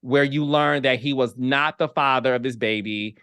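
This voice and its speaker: A man from the American Midwest hosting an interview podcast, emphatic and animated, repeating words as he presses his points in casual chat. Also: medium pitch, normal speed, clear, resonant tone, no echo. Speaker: podcast host.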